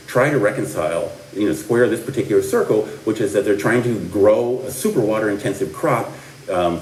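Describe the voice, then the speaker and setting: Recorded far off in an echoing lecture hall with a bit of hiss or hum, a middle-aged man from the Midwest gives a classroom history talk. His voice is lowish and slightly mellow, and he meanders through fillers and false starts while tossing in dry asides.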